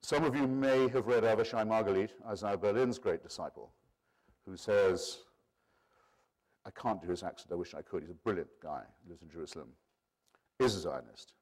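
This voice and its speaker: An English man in his sixties delivering a formal lecture with his voice sitting on the low side. He speaks in a measured, erudite way. He drifts into wry asides before returning to his point. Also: darkish tone. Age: 60s. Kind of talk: public lecture.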